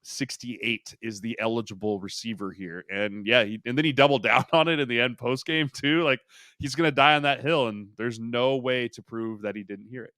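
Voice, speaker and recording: A man, a former football lineman, guesting on a podcast and telling a story with animated, acted-out quotes. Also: medium pitch, a little fast, smooth, no room sound. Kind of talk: casual storytelling.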